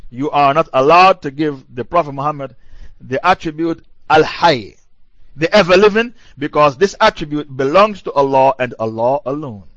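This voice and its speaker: A man's voice: fairly high pitch, fairly bright tone, dry recording. A male preacher giving a religious lecture in a combative, mocking way, repeating his points for emphasis. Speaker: Islamic preacher. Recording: dull lo-fi dry recording.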